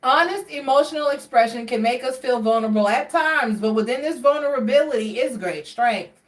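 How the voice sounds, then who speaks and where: A woman with a fairly high voice gives a casual tarot reading, chatty and expressive as she talks straight to her viewers. She sits a little away from the mic, and the room around her sounds roomy and echoey. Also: fairly quick, recorded from a distance. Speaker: tarot card reader.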